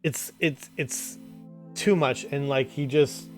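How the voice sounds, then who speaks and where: A man's voice: medium pitch, fairly even intonation, takes it slowly, soft background music. A man narrating as game master in a tabletop game, casual and full of fillers.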